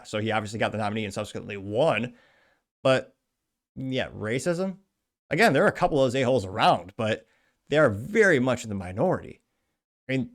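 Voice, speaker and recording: A man hosting a political commentary show, giving his opinions and reading viewer comments aloud with sarcastic asides. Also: medium pitch. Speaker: host.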